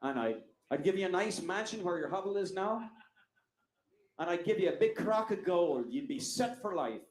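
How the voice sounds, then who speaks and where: A man's voice: high-pitched, expressive, normal speed, roomy sound, rough recording. A man voicing a sly female leprechaun who bargains, in a joke. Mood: bargaining. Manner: wheeling and dealing.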